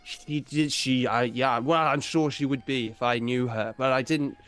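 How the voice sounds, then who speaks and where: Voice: mid-range voice, fairly even intonation, moderate pace, fairly bright tone, soft background music. A player in a tabletop role-play game, talking in a bumbling, rambling way.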